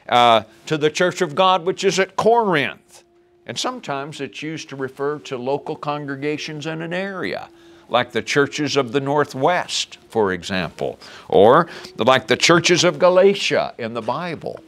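A man's voice: mid-range voice, a bit bright. A man preaching a sermon, quoting and explaining Scripture verses.

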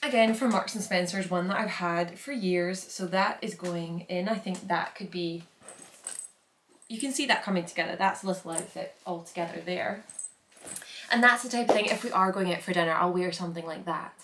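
Young scottish woman vlogging, lots of "like"s, low-ish voice, roomy sound with a bit of noise. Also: normal speed, fairly bright tone. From Scotland. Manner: chatty, rambling, lots of "like" fillers. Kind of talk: casual packing vlog.

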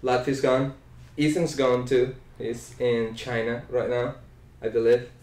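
A man's voice: mid-range voice, level tone, unhurried, a little mellow, echoey room. A man chatting casually in a longboard vlog, laid-back and joking, laughing often. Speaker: longboard vlogger.

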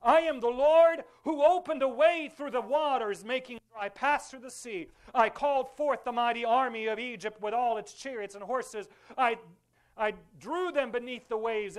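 A man pastor preaching a fervent sermon in a church, calling on the congregation to repeat after him. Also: very high voice. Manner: fervent preaching with call-and-response. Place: church sanctuary.

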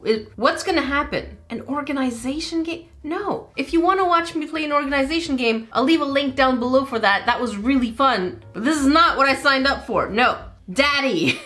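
Speaking into a desk microphone, a gaming channel host gives casual let's-play commentary in a high-pitched, pushed and bright voice. She's chatty, frequently confused, and talks straight to her viewers.

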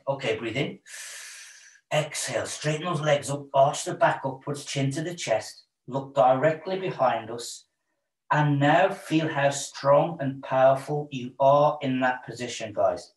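A man leading a relaxed yoga and stretching session, calm and encouraging, counting breaths. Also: mid-range voice, a little slow. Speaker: yoga instructor. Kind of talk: guided stretching class. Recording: roomy echo, voice a bit far from mic.

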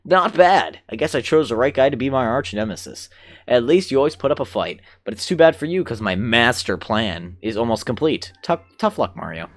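Dude reading as bragging turtle king bad guy, taunting, bouncy pitch. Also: sing-song, a little fast, natural voice. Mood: gloating. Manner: boastful, taunting. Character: blustering giant male turtle king villain.

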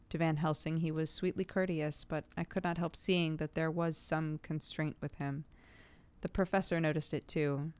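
A woman reading a classic novel aloud to a stream audience, measured and unhurried. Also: low-pitched, darkish tone, smooth. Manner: measured reading, breaks off laughing at stumbles.

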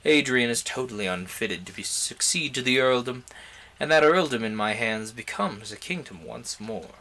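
A man's voice: mid-range voice, lively intonation, normal speed, bright, forceful tone. A man reading a novel aloud, voicing an ambitious, haughty young nobleman in a grand, declamatory way.

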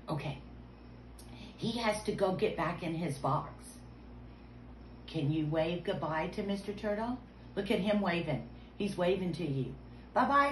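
A woman preschool teacher, talking playfully to young children and sometimes dropping to a hushed whisper for suspense. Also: on the low side. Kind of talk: video lesson for young children. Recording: roomy sound with faint background noise.

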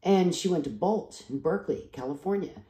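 A woman's voice: on the low side, lively intonation, normal speed, warm tone. A tired woman from the East Coast, rambling through a personal vlog with many restarts and asides. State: tired after travel. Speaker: vlogger. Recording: echoey room.

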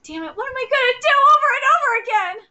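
Lady reading out a hotheaded teen detective guy, flustered and hasty, kinda high and bright. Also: sing-song, rapid-fire, dull audio, full character voice. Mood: frustrated. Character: flustered teenage boy detective, hot-headed.

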